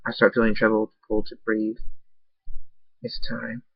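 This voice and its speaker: A man's voice: fairly low pitch, quick pace. A man reads a story aloud in a plain voice with very little rise and fall. The sound is dull and lo-fi. It is close and dry, with no echo. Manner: flat, plain reading. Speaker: fan fiction reader.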